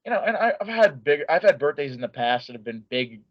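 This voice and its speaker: A young man, an interview guest, telling a story in an excitable, animated way with lots of "like" and restarts. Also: on the high side, fast talker, no room sound. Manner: many filler likes and restarts. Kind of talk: casual storytelling. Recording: dull lo-fi dry sound.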